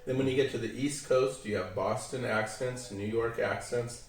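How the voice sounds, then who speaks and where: Relaxed American man, Western accent. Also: mid-range voice, moderate pace, faint music behind. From San Diego, California. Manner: relaxed, friendly explaining. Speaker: interview guest. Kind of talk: casual interview. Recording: echoey, from a distance.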